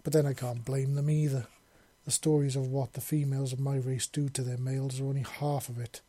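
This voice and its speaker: A man's voice: medium pitch, little pitch movement, a little fast, mellow, dry recording, natural voice. A man voicing a lovestruck, devoted and possessive female dragon-woman in an audiobook, making earnest, tender declarations. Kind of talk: audiobook character voice.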